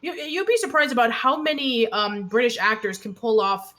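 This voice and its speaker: A woman's voice: on the high side, normal speed, pushed and bright. A woman from New York chatting casually in an easygoing way, reading out viewer messages. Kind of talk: casual livestream chat.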